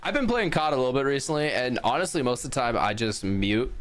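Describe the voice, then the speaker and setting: A man's voice: medium pitch, animated, quick pace, fairly bright tone. A young man co-hosting a podcast over an online call, talking casually, loosely and profanely, teasing his friends. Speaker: podcast co-host. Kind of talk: casual chat.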